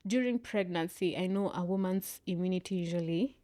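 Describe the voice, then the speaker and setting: A woman in her late twenties, a podcast guest, talking candidly in a soft, unhurried way full of "yeah" and "like". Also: fairly low pitch, dry recording. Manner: soft-spoken, frequent "yeah" and "like" fillers. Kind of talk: candid conversational interview.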